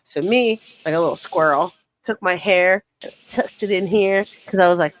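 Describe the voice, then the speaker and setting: A young woman telling a long story in casual chat, animated, swearing freely and laughing as she goes. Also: on the low side, normal speed, slight background noise, rough recording. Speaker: podcast guest.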